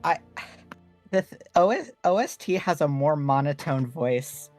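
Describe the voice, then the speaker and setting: A woman's voice: sits low, animated, measured pace, a little mellow, faint music behind. A woman player talking casually, playful and often stumbling over words. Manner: stammering, playful. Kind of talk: casual chat between players.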